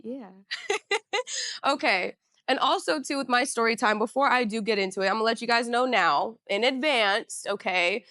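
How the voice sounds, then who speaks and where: With a fairly high, sharp, animated voice at normal speed, this young Northern California podcast host tells a casual storytime. The studio-quality audio has no echo, and her talk is chatty and slangy, packed with "you know" and "you feel me."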